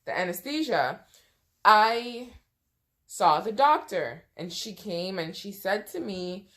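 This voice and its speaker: A woman's voice: mid-range voice, expressive, slow, a bit bright. A woman in a casual storytime vlog, talking conversationally with many "you know" asides and sounding emotional, close to tears at times. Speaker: vlogger.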